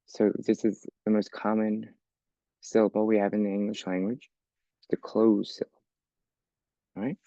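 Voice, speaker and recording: Man, English teacher, patient step-by-step explaining, low pitch, gravelly, dull lo-fi recording. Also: level tone, normal speed, long pauses, mellow, no room sound. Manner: patient, explains step by step with frequent "okay?" checks. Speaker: ESL teacher.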